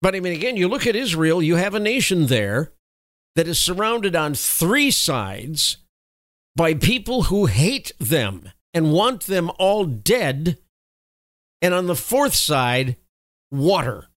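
A man's voice: a little high, big pitch swings, takes it slowly, no room sound. Emphatic male political commentator, dry sound. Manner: emphatic, opinionated, self-correcting. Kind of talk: opinion commentary.

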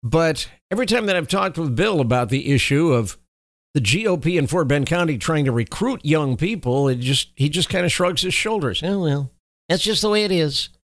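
A man's voice: on the high side, lively intonation, moderate pace, no room sound. A man giving opinionated commentary on political news, reading reports and adding wry, sarcastic asides. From Texas.

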